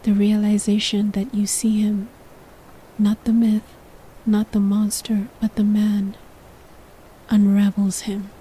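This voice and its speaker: A woman tells a second-person story in a whispered role-play, every line hushed and breathy. She takes her time, and her mellow whisper barely rises or falls. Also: mid-range voice, a little hiss or hum, poor audio.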